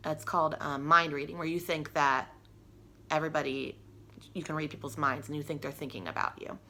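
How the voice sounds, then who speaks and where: A woman's voice: low voice, vocal fry, sharp tone. A young woman telling a personal story to camera in a chatty, rambling way, full of "like" and restarts. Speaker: vlogger.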